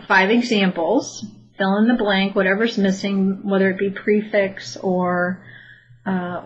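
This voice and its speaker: A woman's voice: mid-range voice, dull audio. A woman chemistry teacher giving a recorded lecture over slides, explaining steadily and patiently with frequent ums and uhs.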